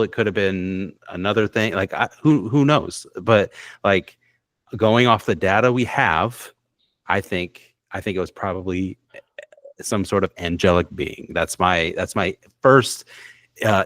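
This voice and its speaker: Low-voiced man, halting and repetitive. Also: fairly bright tone, no echo. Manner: hesitant, repeats words, lots of likes and you knows. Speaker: podcast co-host. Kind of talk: casual podcast discussion.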